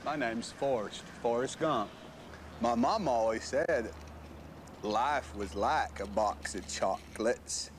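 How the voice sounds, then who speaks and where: A man playing a gentle, simple-hearted storyteller. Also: mid-range voice, slow pace, background noise, lightly acted. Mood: earnest. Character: simple earnest grown man telling his life story. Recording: film audio with loud music beneath.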